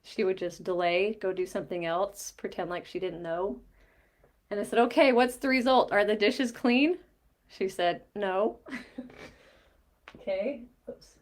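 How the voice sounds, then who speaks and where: A middle-aged mindset coach explains a diagram while retelling a coaching session, quoting both sides of the conversation with light laughs in a lively storytelling manner. She speaks in a mid-range voice at a measured pace.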